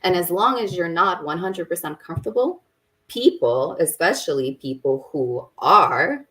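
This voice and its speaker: A woman guest on a podcast interview, explaining her views in a calm way. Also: fairly low pitch, unhurried, distant mic. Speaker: podcast guest, business owner. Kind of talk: conversational interview.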